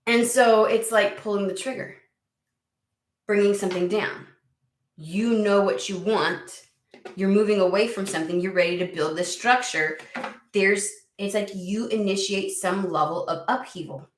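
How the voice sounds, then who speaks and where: A woman's voice: medium pitch, moderate pace. A woman giving a casual tarot reading, chatty and blunt, swearing freely as she talks. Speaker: tarot reader. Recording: echoey room.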